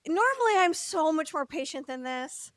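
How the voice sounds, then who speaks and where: Woman, high voice, podcast co-host, candid storytelling, animated, quotes acted out, dry sound. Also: moderate pace, no echo. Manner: animated, laughs, acts out quotes; candid, occasional swearing.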